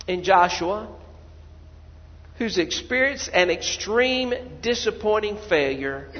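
High-voiced preacher in a dull echoey hall. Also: male voice, expressive, takes it slowly, long pauses, a little hiss or hum. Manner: preaching with sudden loud cries when voicing people praying. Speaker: pastor. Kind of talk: sermon.

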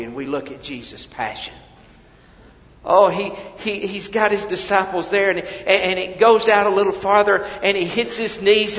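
A high-pitched male pastor preaches slowly in a big echoing hall, and the recording sounds dull and lo-fi. He drops to near whispers, then climbs to loud, emphatic lines, often repeating himself as he restarts. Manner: preaching with swings from soft, hushed lines to loud emphatic ones. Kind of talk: sermon.

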